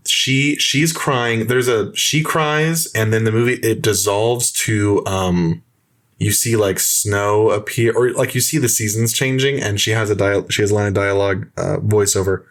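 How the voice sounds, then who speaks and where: A young man hosting a film podcast, casually and mockingly retelling movie scenes with animated play-acting. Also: fairly low pitch, normal speed. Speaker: podcast host.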